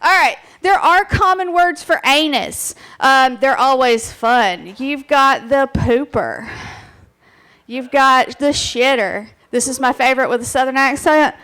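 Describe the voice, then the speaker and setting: A woman presenting a playful, crude comic talk on stage at a live bar show, excitable and chatting with the crowd. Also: high voice, a little slow.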